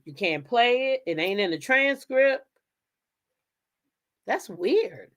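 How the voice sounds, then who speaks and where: An unhurried woman with a mid-range voice hosts a commentary channel, narrating a courtroom story. It's a casual, dramatic, animated retelling full of laughter and asides to the people watching.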